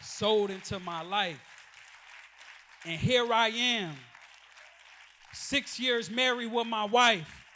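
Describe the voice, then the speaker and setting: A man's voice: very high voice, slow pace, pauses often, pushed and bright, some chatter behind, slight background noise. A man giving an emotional church testimony before a gathering, speaking in an impassioned, repetitive preaching cadence.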